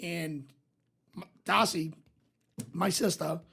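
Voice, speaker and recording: A man's voice: fairly high pitch, slow pace, creaky, breathy edge. A man co-hosting a podcast, telling a profane story in casual chat and acting out the voices of the people in it. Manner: profane, animated storyteller who acts out voices. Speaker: podcast co-host.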